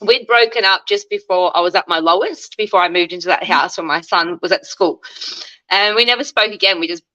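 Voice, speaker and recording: Bright Australian woman telling her story. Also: fairly low pitch, fairly quick, lo-fi sound. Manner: chatty, acts out quoted dialogue, laughs often. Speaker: interviewee sharing her recovery story. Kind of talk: candid conversational storytelling.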